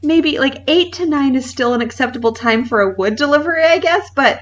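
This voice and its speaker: A woman in her thirties co-hosting a podcast, telling a funny story in casual chat, animated and laughing often. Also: sits high, brisk, muffled recording. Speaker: podcast co-host.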